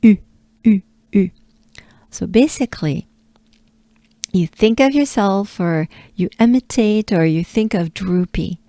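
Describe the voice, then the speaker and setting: A woman from France with a French accent, coaching pronunciation patiently and repeating sounds in slow drills. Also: mid-range voice, lively intonation, warm tone, no room sound. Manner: patient, coaxing, repeats sounds slowly with breathy asides.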